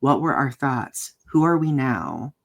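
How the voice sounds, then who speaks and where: A man co-hosts a laid-back podcast chat, full of enthusiasm and questions, on a live video stream recorded with a home setup. His mid-range voice is sing-song, unhurried and a bit bright, with some vocal fry.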